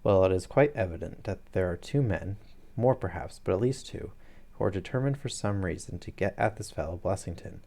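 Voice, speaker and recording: A man voicing a sharp, cool-headed detective who lays out his reasoning crisply. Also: low voice, expressive, fairly quick.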